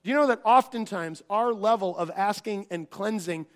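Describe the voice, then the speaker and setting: A man's voice: high-pitched, moderate pace. A middle-aged man preaching a sermon, earnest and conversational, often restarting phrases and acting out quoted dialogue. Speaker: pastor.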